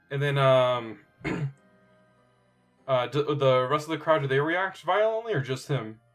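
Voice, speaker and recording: A man playing a tabletop game, animated and excitable, often laughing. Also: medium pitch, unhurried, soft background music. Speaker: player. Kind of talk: casual tabletop play.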